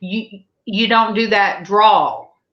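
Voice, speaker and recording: A woman's voice: mid-range voice, takes it slowly. A middle-aged woman with a Southern US accent, hosting a casual panel chat and telling rambling stories full of fillers. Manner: chatty storyteller, many fillers and restarts. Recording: dull lo-fi sound.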